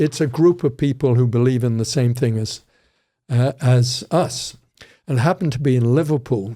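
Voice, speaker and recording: Older man with a mellow voice. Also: medium pitch. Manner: rambling, anecdotal, frequent restarts. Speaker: guest criminology professor. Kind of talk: casual conversational interview.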